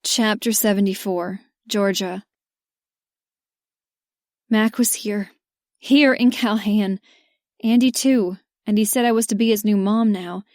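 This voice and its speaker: Lively female romance narrator, mid-pitched, close dead-dry studio read. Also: takes it slowly, pauses often, no echo. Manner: lively, gives characters their own voices. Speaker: audiobook narrator. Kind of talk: scripted romance audiobook narration.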